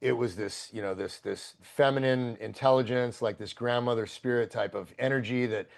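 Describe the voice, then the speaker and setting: Gravelly-voiced man telling a story. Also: mid-range voice, normal speed. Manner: profane, excitable, rambling. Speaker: podcast guest. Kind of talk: casual storytelling.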